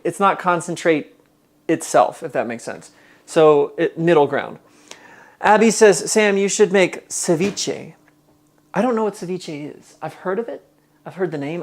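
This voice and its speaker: A man hosting a live cooking stream from his home kitchen, chatting casually, reading viewers' comments aloud and thinking out loud as he cooks. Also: a little high.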